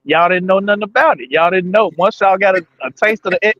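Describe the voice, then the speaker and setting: A man's voice: high voice, fairly quick, dry recording. A man joining a casual podcast chat, laid-back and joking. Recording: slightly dull lo-fi sound.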